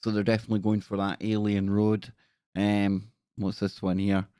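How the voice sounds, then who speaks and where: A man's voice: on the low side, little pitch movement, moderate pace, mellow, smooth, no room sound, clean studio sound. A man hosting a casual live stream, chatty and jokey, greeting viewers by name.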